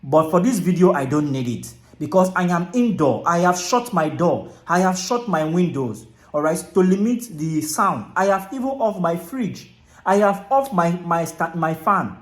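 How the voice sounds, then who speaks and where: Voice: mid-range voice, animated, normal speed. A speaker with a Nigerian accent from Akwa Ibom, giving casual advice straight to camera. They repeat phrases, say "all right" often and slip into pidgin. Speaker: content creator. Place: small closed room indoors. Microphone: camera mic, no clip-on mic. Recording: echoey room, camera mic.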